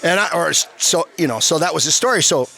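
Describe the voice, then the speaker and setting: Swearing, animated ex-hockey man telling stories. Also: on the high side, quick pace, creaky, faint music behind. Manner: animated, swears a lot, acts out quotes. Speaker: former hockey player, guest. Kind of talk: profane storytelling in a casual interview. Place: bar.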